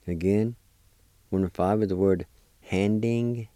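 A man's voice: deep voice, measured pace, dark tone, no echo. A man teaching vocabulary, patiently spelling and sounding out words letter by letter. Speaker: language teacher. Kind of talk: slow spelled-out vocabulary lesson.

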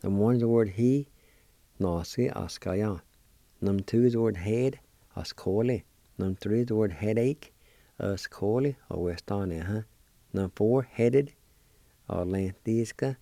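A man hosting a weekly language lesson, spelling and pronouncing words slowly and repeating each syllable with care. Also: lowish voice, gravelly, warm tone, no echo. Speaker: language teacher and program host.

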